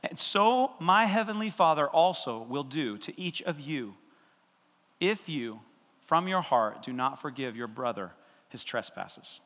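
A male pastor preaching a sermon in an animated, conversational way, acting out voices and adding asides. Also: fairly high pitch, measured pace, in a large hall.

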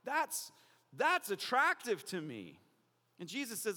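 A man's voice: sits high, wildly swooping pitch, slow, sharp tone, long reverb tail. A man preaching a sermon as a pastor, playful and jokey with the congregation.

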